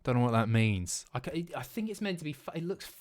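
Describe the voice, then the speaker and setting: Sweary streamer, lively and sardonic. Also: male voice, mid-range voice, fast, noisy background. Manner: blunt, sweary, sardonic commentary. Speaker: livestream host. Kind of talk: casual stream chat.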